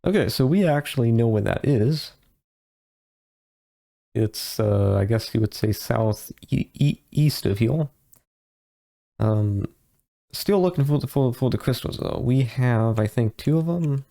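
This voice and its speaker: A man's voice: medium pitch, lively intonation, unhurried, gravelly, pauses often, dark tone. A man giving casual, rambling commentary while playing a game, with frequent hesitations and restarts. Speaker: let's play host.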